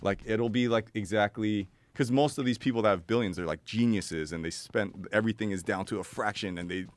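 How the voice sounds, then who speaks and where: Very deep-voiced man telling rambling stories. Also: a little fast, dry recording. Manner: rambling storyteller, many fillers and laughs. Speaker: guest. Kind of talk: casual chat.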